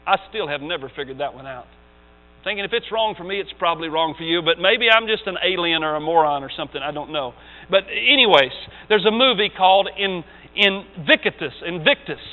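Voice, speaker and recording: A male pastor preaches in a high, very animated voice that leaps between emphatic peaks and quiet asides. The recording is tinny and phone-like. It has a long church reverb and a mains hum underneath. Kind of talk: sermon. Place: church sanctuary.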